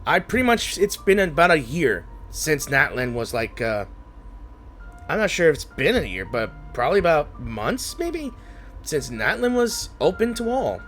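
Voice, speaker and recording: Rambling gamer over soft game music. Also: medium pitch, big pitch swings, unhurried. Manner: rambling and unsure, many restarts and trailing thoughts; emotional, says they feel like crying. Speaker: gaming channel host playing a story game. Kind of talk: casual gameplay commentary.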